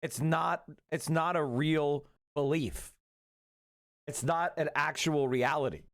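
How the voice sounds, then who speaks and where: A man's voice: fairly high pitch, steady tone, takes it slowly. A man giving casual political commentary in a blunt, dismissive way.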